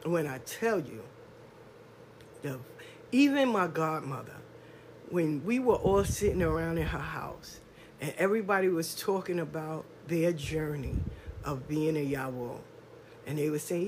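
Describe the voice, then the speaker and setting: A woman's voice: low-pitched, a little mellow, a little hiss or hum. A middle-aged woman, telling her own life story candidly and emphatically, full of slang and swearing. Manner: street slang, drawn-out stresses. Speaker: podcast speaker. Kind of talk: personal testimony monologue.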